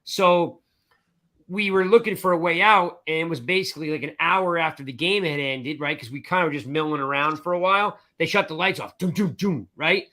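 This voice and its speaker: A man co-hosting a sports talk show, telling a long anecdote in a lively, chatty way, acting out the other people's voices. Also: a little high, fairly quick. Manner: animated storyteller, acts out voices, repeats "I'm like" and "right?". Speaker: podcast co-host. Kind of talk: casual storytelling chat.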